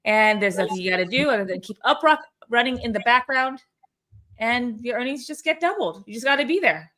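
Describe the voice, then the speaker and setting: A woman with a slightly high, bright-sounding voice hosts a weekly company call. She chats in a loose, upbeat way, stumbling over fillers and restarting her sentences. She talks into a video-call mic. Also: animated, a little fast. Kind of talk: casual livestream chat.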